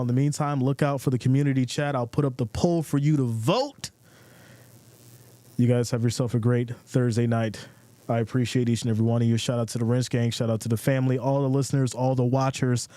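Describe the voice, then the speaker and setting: A man's voice: medium pitch, warm tone, no room sound. Laid-back man streaming football. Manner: laid-back, chatty, reads viewer comments aloud. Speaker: live stream host. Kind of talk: casual live-stream sports chat.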